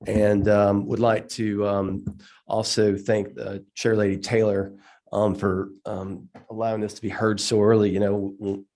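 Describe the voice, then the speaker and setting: A man with a stuffy cold presenting his bill at a legislative hearing, halting with many ums and restarts. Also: lowish voice, flat delivery, mellow. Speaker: state representative presenting a bill.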